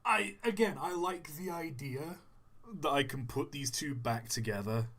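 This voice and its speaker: Guy on a live stream, bright voice, dry jokey chat with a friend. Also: on the high side, a little slow. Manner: dry joking, deadpan asides. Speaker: streamer co-host.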